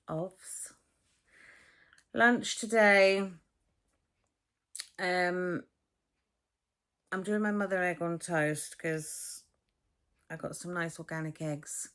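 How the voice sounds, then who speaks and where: A woman's voice: sits low, fairly even intonation, takes it slowly, long pauses, fairly bright tone. A middle-aged Englishwoman, chatting to her phone camera in a blunt, swearing, casual vlog. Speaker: vlogger.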